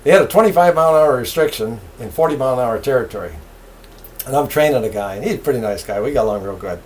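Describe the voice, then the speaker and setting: A man's voice: medium pitch, racing. An older man, a retired railroad engineer, telling his stories in an interview with plenty of laughter. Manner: lively, laughing, animated storyteller. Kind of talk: storytelling interview.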